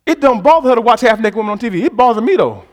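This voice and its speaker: A man preaching a sermon to a congregation, moving between quiet conversational asides and loud shouted stretches, calling for the crowd's responses. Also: very high voice, animated, racing. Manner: talks directly to the congregation with call-and-response prompts. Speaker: pastor.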